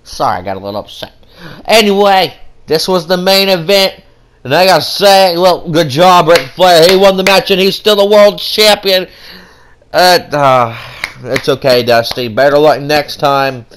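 A man hosting a gaming channel, giving excited play-by-play wrestling commentary over a video game and dropping into quiet muttered asides between the big moments. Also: fairly high pitch, normal speed, a little hiss or hum.

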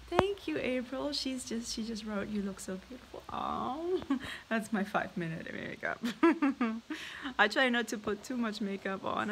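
A woman's voice: on the high side, heavy background noise. A woman with a German accent, a native German speaker from Germany, chatting casually on a live stream, reading viewer comments aloud and laughing often. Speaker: parrot vlogger hosting a live stream.

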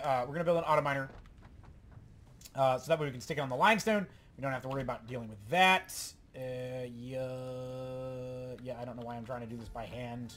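A man hosting a let's play, giving excitable, rambling gameplay commentary and talking to himself. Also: mid-range voice.

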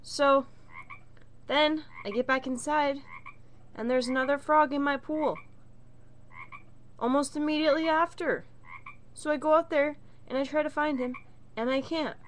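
A woman's voice: high-pitched, a little slow, long pauses, slight background noise. A woman vlogger telling an exasperated, swear-filled story to the camera from her bedroom. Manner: animated, exasperated, swears a lot. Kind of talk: casual storytelling rant. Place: own bedroom.

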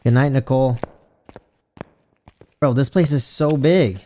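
A young man streaming a ghost-hunting game, chatting casually, excitable and swearing often. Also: medium pitch, measured pace. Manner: excitable, swears a lot, jumpy. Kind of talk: casual gaming stream chat.

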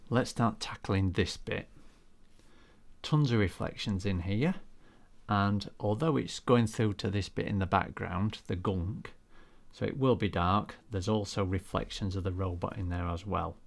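Bloke chatting through a paint demo, lowish gravelly voice, bit self-deprecating. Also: male voice. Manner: chatty, self-deprecating, thinks aloud while working. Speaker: art teacher. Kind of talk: live painting demonstration, chatting to viewers.

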